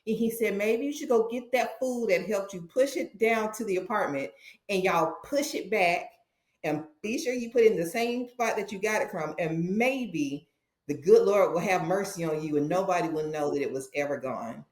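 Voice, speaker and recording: A woman's voice: medium pitch, moderate pace. A woman guest on a podcast, telling a personal story and acting out the dialogue with feeling. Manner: animated, acts out dialogue in her stories. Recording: roomy echo.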